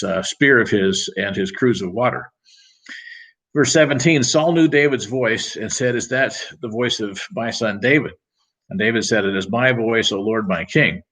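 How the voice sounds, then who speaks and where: A man's voice: fairly low pitch, a bit bright, rough recording. A man leading a Bible study, reading scripture aloud and then explaining it in plain, casual words. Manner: reads verses aloud, then paraphrases them casually. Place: church.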